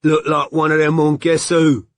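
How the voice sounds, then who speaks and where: Man voicing a sulky young man, mumbling, sullen slang, pitched up, muffled tone. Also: level tone, moderate pace, no echo, studio quality, lightly acted. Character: weak, sulky young man hiding under a duvet.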